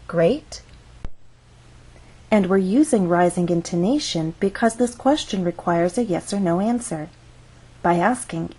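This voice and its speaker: A woman teaching English pronunciation, explaining intonation slowly and carefully and demonstrating patterns on example words. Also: medium pitch, dark tone, breathy edge, rough recording. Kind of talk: slow, careful instructional explanation.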